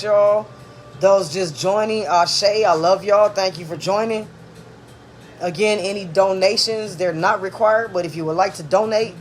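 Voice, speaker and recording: A man giving a relaxed, chatty tarot reading. He drifts into soft, murmured blessings. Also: high-pitched, slight background noise. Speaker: tarot card reader. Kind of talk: casual live tarot reading.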